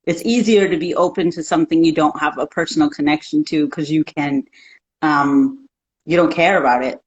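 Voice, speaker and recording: Low-voiced reassuring woman coach. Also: normal speed, highs cut off. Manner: reassuring, counseling. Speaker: guest, intuitive life coach. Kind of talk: casual chat.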